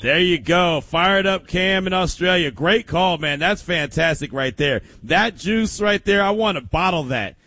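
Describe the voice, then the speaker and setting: A male sports talk radio host, hyped and full of energy, with lots of laughter in his talk. His voice is high, bright and swings widely in pitch. It is close-miked and dry in the studio. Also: expressive, unhurried, hardly any pauses, no echo.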